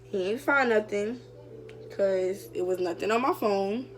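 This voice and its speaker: A woman's voice: mid-range voice, measured pace, a little hiss or hum. A young woman vlogger casually telling a story to her viewers, chatty and full of fillers. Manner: chatty, addresses viewers directly, many fillers.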